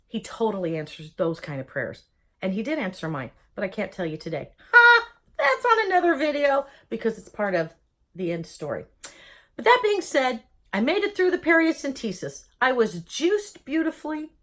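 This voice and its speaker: Woman, animated storyteller, bouncy pitch, slightly high, jokes and acts out voices as she talks. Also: moderate pace. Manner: lively, jokey, acts out voices in quotes. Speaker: vlogger telling her own story.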